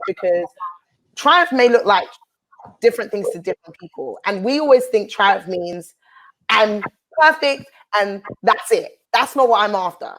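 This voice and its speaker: A woman's voice: mid-range voice, low-quality recording. A woman host and minister sharing a heartfelt personal testimony with an earnest, preaching cadence.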